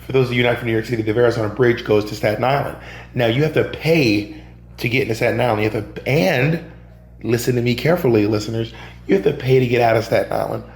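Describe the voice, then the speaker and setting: A man's voice: medium pitch, fast talker. A man from Georgia in the US, a guest on a podcast, telling stories animatedly and acting out other people's lines. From Georgia, USA. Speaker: podcast guest, drag performer and comedian. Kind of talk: casual storytelling in an interview. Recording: roomy echo with a faint hum.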